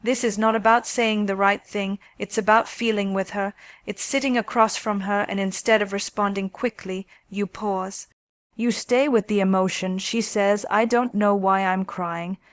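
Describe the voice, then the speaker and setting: Female narrator, mid pitch, soft and intimate, dry close recording. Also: fairly even intonation, measured pace, dry recording. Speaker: relationship advice narrator. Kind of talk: scripted narration.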